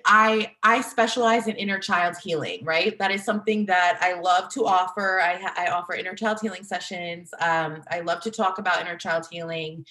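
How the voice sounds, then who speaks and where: A woman in her thirties hosting a solo podcast, talking in a chatty, bubbly way full of "like", with a slightly husky morning voice. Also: mid-range voice, bright, forceful tone, echoey room. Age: 30s. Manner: chatty, bubbly, filler-heavy with "like". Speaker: podcast host and inner child healing coach.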